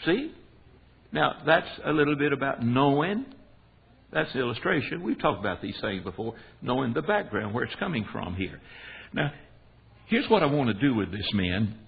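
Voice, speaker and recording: A man's voice: mid-range voice, moderate pace, creaky, breathy edge. An American man teaching a Bible class for men, telling stories and asking his class questions. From United States. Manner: animated, storytelling, quizzes his class. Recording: tinny phone-like recording with faint hiss.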